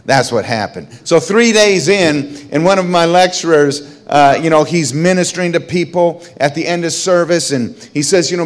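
Middle-aged man, testimony storyteller, lively pitch, rises when excited, hushes when solemn. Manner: animated storyteller, voice rises high when excited, drops low and quiet when solemn. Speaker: speaker sharing a personal testimony.

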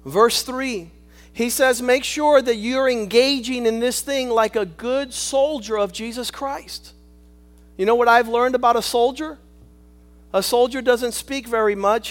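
A man preaching a sermon, swinging between shouted lines and hushed asides, calling on the congregation for amen. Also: extremely high pitch. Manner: rhetorical, calls for amen.

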